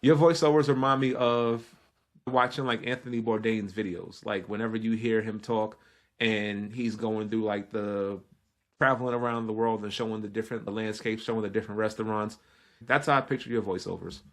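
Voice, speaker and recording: A man from Brooklyn with a New York accent, talking fast and energetically as a guest chef on a casual podcast. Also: on the low side, steady tone.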